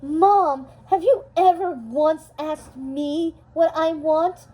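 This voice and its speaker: Woman doing a defiant teen girl, earnest, high and pleading, storybook read-aloud. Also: slow pace, warm tone. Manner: earnest, pleading, rising to cries. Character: teenage girl, defiant daughter, tearful but brave.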